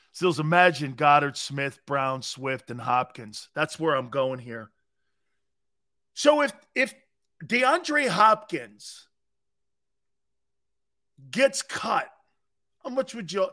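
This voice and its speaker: A middle-aged man hosting a sports talk show, arguing his takes in an emphatic, opinionated way with little chuckles. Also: on the high side. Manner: animated, emphatic, argumentative with chuckles.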